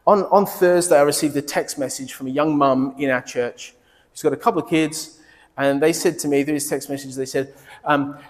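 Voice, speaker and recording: A middle-aged male pastor preaching, telling personal stories in a conversational, animated way with quoted dialogue. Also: a little high, long reverb tail.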